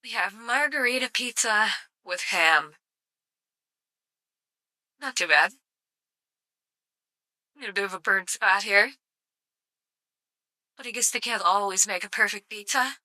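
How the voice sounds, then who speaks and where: A woman's voice: medium pitch, measured pace, pauses often, bright, forceful tone, no echo. A woman live-streaming casual commentary, sarcastic and swearing freely with mock outrage.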